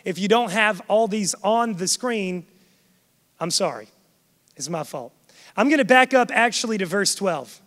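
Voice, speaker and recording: A man's voice: sits high, expressive, a little slow, a bit bright. A man preaching a sermon to a congregation, emphatic and swelling in force. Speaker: pastor. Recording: long hall reverb.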